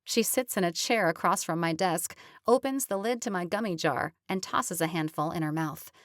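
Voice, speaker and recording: A woman narrating a romantic comedy audiobook in the first person, lively and chatty. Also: fairly low pitch, moderate pace, dry recording, studio quality.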